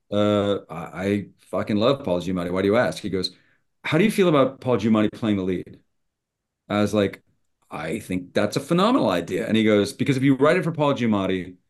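A man's voice: fairly low pitch, darkish tone. A middle-aged man, a screenwriter, telling a story in conversation and acting out both sides of old phone calls. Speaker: screenwriter guest.

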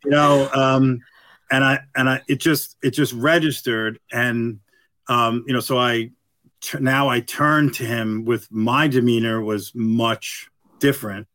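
A man's voice: medium pitch, fairly even intonation, a bit bright, dry recording. Middle-aged man telling a rambling story. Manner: rambling and halting, full of "you know" fillers. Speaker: guest, retired police detective. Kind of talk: storytelling in a conversational interview.

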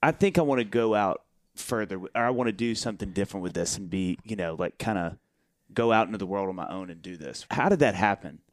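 A man's voice: lowish voice, lively intonation, dry recording. Male podcast co-host, eager interjector, dry close mic. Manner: quick encouraging interjections and laughs. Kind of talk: casual chat.

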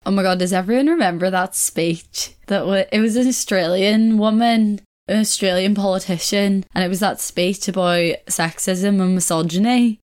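A woman's voice: mid-range voice, moderate pace, few pauses, a little mellow. A young woman hosting a casual solo podcast, chatty and rambling, often correcting herself and laughing. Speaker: podcast host.

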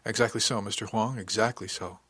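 A man voicing a calm, good-humored male ship engineering officer who gives brisk, practical orders with dry humor, in an audiobook reading. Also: fairly low pitch, slightly rough, dry recording. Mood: wry.

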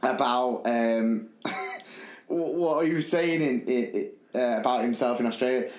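A young man hosting a podcast, telling an animated, rambling story and laughing as he goes. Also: medium pitch, a little slow. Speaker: podcast host. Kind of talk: casual storytelling chat. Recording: echoey room.

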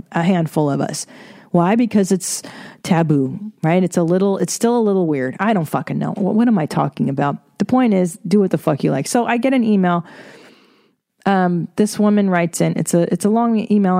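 A woman's voice: fairly low pitch, a little fast, dark tone, no echo, clean studio sound. A woman hosting her own podcast, ranting casually in a blunt, profane way. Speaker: podcast host. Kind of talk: solo podcast rant. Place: home recording studio.

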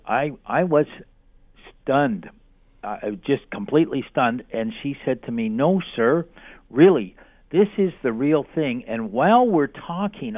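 A man's voice: medium pitch, dry recording. A man from Canada calling in as a radio guest, telling his story earnestly and emphatically. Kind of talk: phone interview. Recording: tinny phone line.

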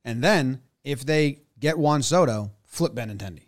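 A man's voice: medium pitch, lively intonation, moderate pace. A man co-hosting a casual sports podcast, talking in a skeptical, conversational way.

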